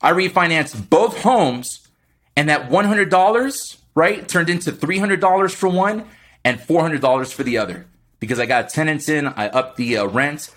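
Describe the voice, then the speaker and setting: A man speaking as a podcast guest, in an energetic, motivational chat style, often tagging his points with a quick "right?". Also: on the high side. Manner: energetic, keeps adding "right?".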